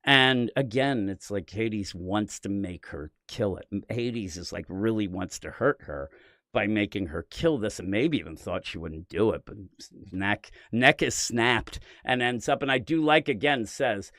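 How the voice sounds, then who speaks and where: A man's voice: fairly low pitch, lively intonation, unhurried, a bit bright, no echo, clean studio sound. A man hosting a comic book podcast, chatting casually with rambling enthusiasm and lots of fillers. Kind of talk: casual comic review chat.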